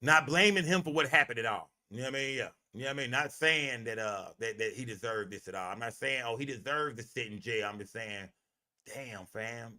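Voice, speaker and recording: A man's voice: medium pitch, brisk, bright, forceful tone. A man hosting a livestream, talking in a heated, profane and emphatic way, often repeating himself. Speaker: livestream host.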